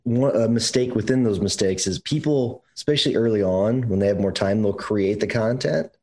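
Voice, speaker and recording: A man's voice: fairly low pitch, normal speed, a little mellow, rough recording. A man co-hosting a podcast in casual chat, emphatic and swearing freely, his voice climbing when he presses a point. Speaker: podcast co-host.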